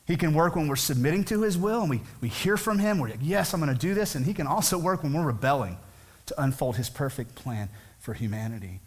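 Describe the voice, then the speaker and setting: A man preaching a sermon as pastor, talking conversationally and asking many rhetorical questions. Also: on the high side.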